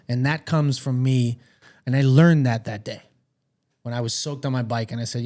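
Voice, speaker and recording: Profane, animated male podcast co-host. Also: medium pitch, brisk. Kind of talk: casual chat.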